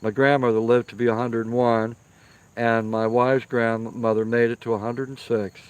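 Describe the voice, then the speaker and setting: A man's voice: medium pitch, little pitch movement, moderate pace, smooth, dull audio. A man chatting casually with his live-stream viewers from outdoors by a firepit, emphatic and repeating himself for stress. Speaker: live-stream host reading viewer comments.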